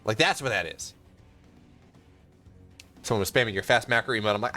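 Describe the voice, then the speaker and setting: A young man casting a live game, rambling and self-interrupting, quick to laugh. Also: fairly low pitch, pushed and bright, faint music behind. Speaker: esports caster.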